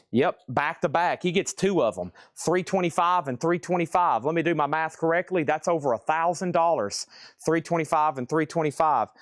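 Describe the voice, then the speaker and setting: Excitable man calling out record prices. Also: fairly high pitch, no echo, studio quality. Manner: excitable, calls out titles and prices in quick bursts; frequent exclamations of surprise. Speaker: record seller running a live auction. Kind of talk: live online sales stream.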